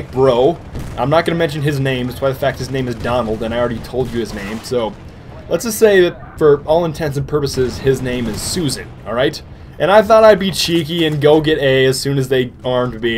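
A young man giving goofy, excitable commentary over his own gameplay footage. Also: mid-range voice, a little hiss or hum. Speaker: gaming commentator.

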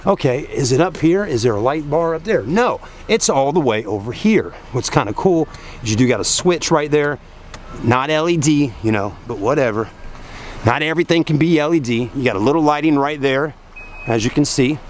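A man's voice: fairly high pitch, lively intonation, moderate pace, slight background noise. Man, tired car vlogger, folksy and chatty, mid-range voice, camera mic. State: hot and tired after a long day. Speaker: car reviewer filming at a dealership. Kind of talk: casual walkaround car review. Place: outdoors at a car dealership at night, then inside a car.

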